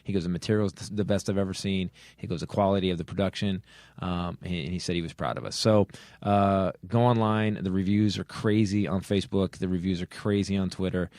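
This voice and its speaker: Middle-aged male comedy podcast host, very low pitched, profane earnest ranter, dry studio sound. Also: fairly even intonation, fairly quick, a little mellow, no room sound. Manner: swears heavily, earnest angry rant with restarts. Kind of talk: comedy podcast chat and rant.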